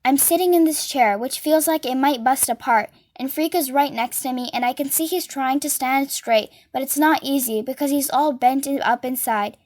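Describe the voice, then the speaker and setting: Casting: high-pitched woman, storybook reader, does all the voices. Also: moderate pace, hardly any pauses, darkish tone. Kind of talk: reading a novel aloud.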